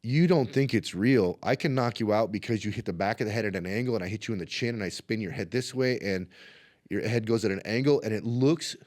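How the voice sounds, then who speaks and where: A man's voice: fairly low pitch, fairly quick. A man, a martial arts instructor, telling stories in a casual interview and acting out the voices of the people in them. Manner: animated, acts out quotes in his stories.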